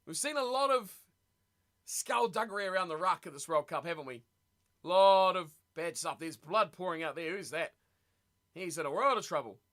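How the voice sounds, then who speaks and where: A man hosting a live watch party stream, reacting excitedly to a rugby match and chatting with viewers. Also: a little high, brisk. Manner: excitable, chatty, reads viewer messages aloud.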